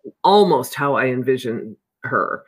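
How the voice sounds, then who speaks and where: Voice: mid-range voice, lively intonation, measured pace, husky. Hesitant middle-aged novelist guest. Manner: hesitant, many ums and restarts. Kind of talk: casual interview chat.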